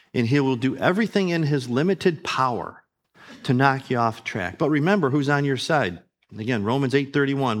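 A man in his fifties preaching a sermon as pastor, swinging between loud, emphatic declarations and quiet, low asides.

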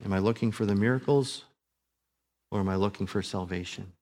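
A man, a pastor, preaching a sermon in a church, building to emphatic peaks and dropping to a soft prayer. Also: fairly low pitch, a little fast. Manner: rising to emphatic preaching, then praying softly.

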